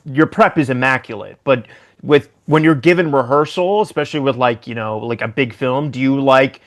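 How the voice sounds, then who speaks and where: A man's voice: mid-range voice, moderate pace. A man hosting a podcast interview, asking rambling, hesitant questions. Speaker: podcast host. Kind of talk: casual interview.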